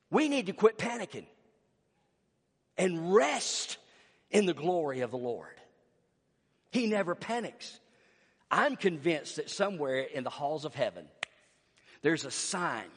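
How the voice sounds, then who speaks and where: A preacher man delivering a sermon at an unhurried, drawn-out pace, his voice sitting a touch high. He drops to near-whispers, then rises to full-throated shouts, and the long reverb of a big church hall trails after every line. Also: very animated, slightly rough. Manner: dramatic swings from hushed to shouting.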